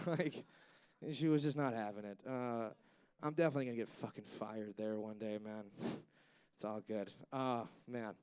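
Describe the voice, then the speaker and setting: A man's voice: mid-range voice, normal speed, clean tone. A man doing a stand-up comedy set on stage, rambling and swearing, with lots of "like" and "you know.".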